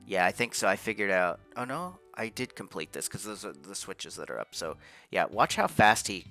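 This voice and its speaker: A man's voice: fairly low pitch, expressive, normal speed, pushed and bright. Frustrated man rambling over game music. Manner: frustrated, rambling, swears often. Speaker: gameplay commentator. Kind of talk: casual post-game commentary. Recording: faint game music behind.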